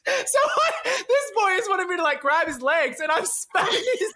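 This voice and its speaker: A woman's voice: extremely high pitch, sing-song, moderate pace, bright, forceful tone, slight background noise. A young woman telling a story in casual chat, acting out voices and laughing often. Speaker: podcast co-host.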